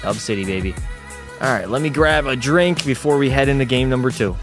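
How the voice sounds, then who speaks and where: A man's voice: medium pitch, fairly quick, faint music behind. A man streaming a hockey video game live, calling plays like a commentator and bantering and swearing with his chat. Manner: excitable play-by-play calls, swears and banters with chat.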